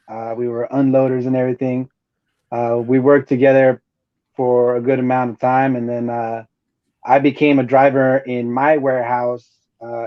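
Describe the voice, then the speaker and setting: A man's voice: mid-range voice, muffled recording. A man who joins a podcast as a guest, chatting in a friendly, easygoing way. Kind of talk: casual chat.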